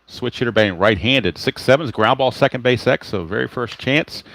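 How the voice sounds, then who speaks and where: Here a man with a medium-pitched, creaky voice speaks at a moderate pace over a noisy background. He narrates his one-person tabletop baseball game like a casual announcer, chatting, correcting himself, and mumbling as he hunts for cards.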